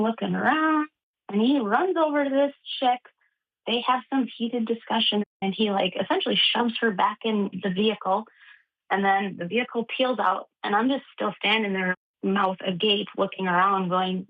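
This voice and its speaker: A woman's voice: mid-range voice, brisk. Young woman on a tinny phone line. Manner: animated, laughing storyteller. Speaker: podcast guest. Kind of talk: casual storytelling in interview.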